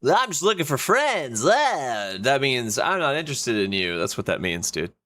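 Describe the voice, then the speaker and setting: A man's voice: medium pitch, sing-song, moderate pace, pushed and bright. A man hosting a livestream, chatting casually and laid-back over a clip, often calling people dude. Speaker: livestream host.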